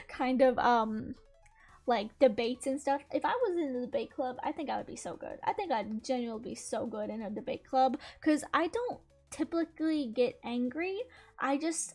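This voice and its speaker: A young woman streamer chatting casually while gaming, telling stories in an animated, giggly way. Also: high-pitched.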